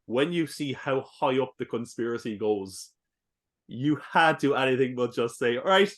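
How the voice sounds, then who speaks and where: A man with a Cork Irish accent co-hosting a podcast, giving an excitable, rambling film review, swearing and laughing as he goes. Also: medium pitch, moderate pace. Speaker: podcast co-host. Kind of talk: casual film review chat.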